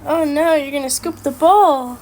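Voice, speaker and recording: Young woman, high voice, playful sidekick, faint noise behind. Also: moderate pace. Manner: playful, teasing interjections. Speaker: host's daughter, co-host. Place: home kitchen.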